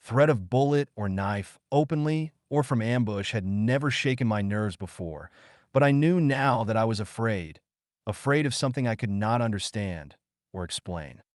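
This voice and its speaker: A man narrating an audiobook in a measured, suspenseful storytelling manner. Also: fairly low pitch, animated, no echo, studio quality.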